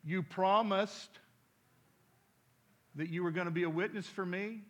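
A preacher voicing God speaking to a boy's heart, quiet and gently insistent. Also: high-pitched, fairly even intonation, measured pace. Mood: gentle.

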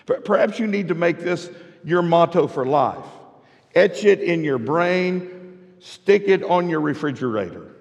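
A man's voice: on the high side, lively intonation, a little slow, vocal fry. A man, preaching a sermon as pastor. He speaks emphatically, often stammers on his first words, and leads the congregation in repeating phrases. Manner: emphatic preaching with call-and-response repetition. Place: church sanctuary. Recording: long church reverb.

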